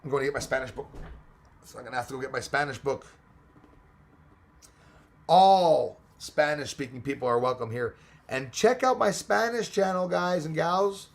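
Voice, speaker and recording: Canadian man, gravelly voice, loose jokey stream host reading chat aloud. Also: on the high side, animated, moderate pace, pauses often. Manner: rambling, jokey, greets viewers by name. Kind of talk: casual live chat.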